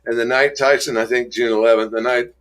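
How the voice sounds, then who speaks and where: A middle-aged man telling a personal recovery story, halting and emotional, with many restarts and trailing pauses, raising his voice when he acts out quoted people. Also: mid-range voice, steady tone, fairly bright tone.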